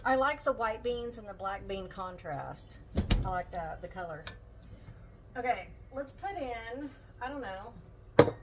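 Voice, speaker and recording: An older woman chats casually with her viewers as she cooks at home, tender and emotional in tone. Her medium-pitched voice is expressive and takes things slowly with long pauses, against a noisy background.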